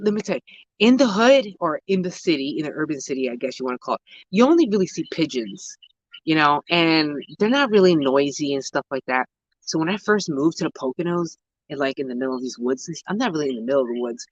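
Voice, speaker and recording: A New voice rambling through gardening answers, full of slang and half-finished thoughts that keep getting corrected. The sound is dull and lo-fi, picked up by a handheld phone, and close and dry with no echo to it. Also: medium pitch. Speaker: gardening vlogger answering viewer questions. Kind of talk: casual chat. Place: outdoor home garden. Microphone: handheld phone camera while walking.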